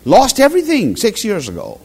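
A man's voice: sits high, a little fast, slightly rough. A middle-aged man preaching a sermon, telling stories and acting out quotes. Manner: animated storytelling with acted quotes.

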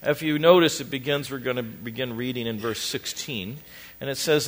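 A man's voice: medium pitch, normal speed. A middle-aged man preaching a sermon as pastor, emphatic and building in intensity.

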